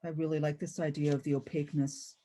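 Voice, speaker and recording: A woman's voice: low-pitched, flat delivery, quick pace, warm tone. A woman poet reading her own work aloud, with rhythmic, incantatory recitation. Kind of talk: poetry reading.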